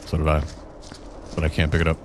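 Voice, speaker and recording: A young man with a very deep voice rambles through a gaming session, cursing and joking about glitches. A clear background hiss sits under the noisy home recording. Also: monotone, quick pace. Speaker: co-host of a gaming channel. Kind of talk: casual gameplay chat.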